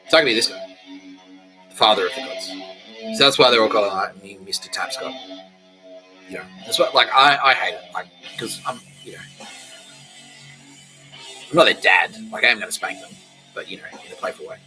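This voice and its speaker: A man's voice: fairly low pitch, fairly quick, pauses often, bright, forceful tone, faint music behind, poor audio. A young man hosting a podcast, talking in a rambling, profane, self-mocking way. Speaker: podcast host. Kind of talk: casual solo monologue.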